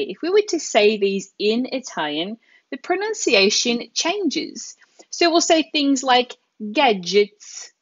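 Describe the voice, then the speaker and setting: A woman running a live online Italian lesson, drawing out each example word slowly and clearly. Her voice is close and dry, with a slightly dull, muffled sound. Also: mid-range voice, dry recording. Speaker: Italian language teacher.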